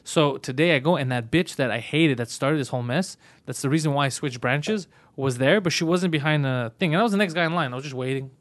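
A man's voice: a little high, fast talker, hardly any pauses. A man, a podcast co-host telling a story in casual, profane chat.

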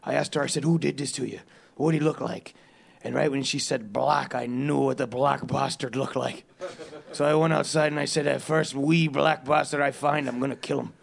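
A man doing a bumbling, crude impression of a gruff Irish action-movie star, speaking with an Irish accent and rambling as he laughs through his lines. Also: mid-range voice, fairly even intonation, moderate pace. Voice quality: gravelly. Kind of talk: improvised comedy podcast bit.

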